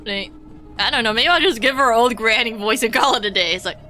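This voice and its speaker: A woman streaming as she reads a game aloud, casual and self-mocking, her voice hoarse and strained. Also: a little high, expressive, fairly quick, sharp tone, soft background music. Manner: self-mocking, swears, restarts often. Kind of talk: casual live-stream chat and reading.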